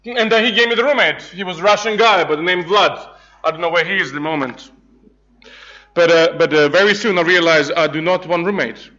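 A man preaches a light, joking sermon in a high, bright voice. He stumbles through restarts and chuckles as he tells his stories. The recording sounds dull and lo-fi. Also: a little fast. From Serbia. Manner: jokey storytelling, laughing, many restarts. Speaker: pastor. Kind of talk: humorous sermon.

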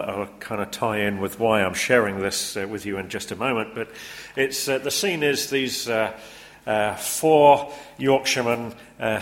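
A man speaking to an audience in a casual talk, halting with many pauses and fillers. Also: fairly low pitch, in a large hall.

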